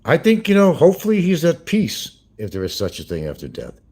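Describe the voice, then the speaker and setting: A man's voice: fairly high pitch, huge pitch swings, brisk, mellow, breathy edge. A man hosting a livestream, rambling through crude gossip with swearing and chuckles. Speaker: livestream host. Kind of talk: casual livestream commentary.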